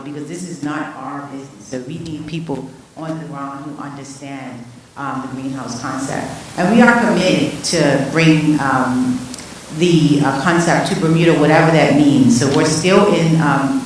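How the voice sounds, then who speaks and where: Presenter at a meeting, lots of ums, very echoey hall, far from the mic, faint room hum. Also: mid-range voice. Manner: hesitant, many fillers. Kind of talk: presentation talk.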